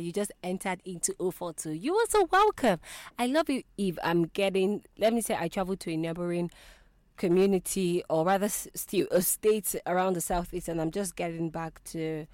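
A woman's voice: fairly low pitch, moderate pace, dry recording. A young Nigerian woman hosting a radio show, chatty and bubbly, repeating her greetings to listeners. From southeast Nigeria. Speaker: radio presenter. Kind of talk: lively radio show chat. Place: radio studio. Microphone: studio microphone.

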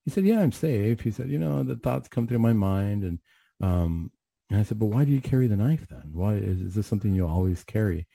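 A man with a low, very dark and mellow voice tells a personal story for radio. His tone is a little husky and he talks in an earnest, conversational way, often backing up to restart a sentence. The sound is dry and close, with no room echo. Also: expressive, brisk.

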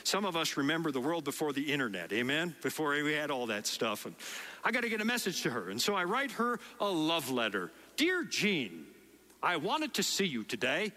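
Speaking a little fast in a voice on the high side, a middle-aged man from the Netherlands gives a sermon with a Dutch accent, his words ringing with long reverb through a large hall. He acts out quotes while telling stories to the congregation.

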